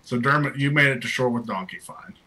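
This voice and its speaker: Bright-voiced man running a tabletop game. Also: medium pitch, a little fast, poor audio. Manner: casual, easygoing narration with frequent laughter. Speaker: dungeon master.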